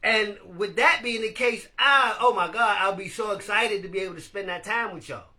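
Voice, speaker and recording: A man hosting a casual live-stream podcast, animated and laughing as he talks to his viewers. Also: sits high, normal speed. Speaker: podcast host.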